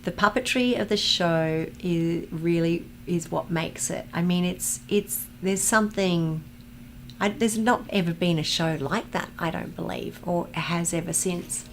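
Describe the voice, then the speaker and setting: A chatty woman hosting a live watch-along stream, her voice pitched a little low. She talks casually and warmly, breaking off to read viewer comments and greet chatters in a bright, high voice. A faint hiss of background noise sits under the mic. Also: unhurried.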